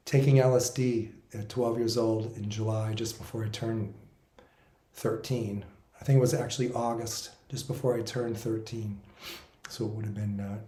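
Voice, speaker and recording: An older man in his sixties speaks in a mellow, warm voice at a middling pitch. He tells a personal story in an earnest, reflective way, often circling back and correcting himself. The room around him rings with noticeable echo. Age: 60s. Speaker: spiritual musician recounting his experiences.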